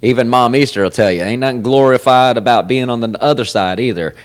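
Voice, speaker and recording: A man hosting a podcast in casual chat, rambling and profane, getting louder at times and laughing. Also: medium pitch, a little fast. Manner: profane, rambling, swings loud with sudden laughs. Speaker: podcast host. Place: comedy club.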